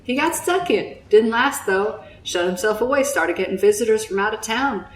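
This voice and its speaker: A woman voicing a chatty village barkeep in an odd put-on accent, quick and offhand. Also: medium pitch, slight background noise, close to an everyday voice. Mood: gossipy. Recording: roomy echo.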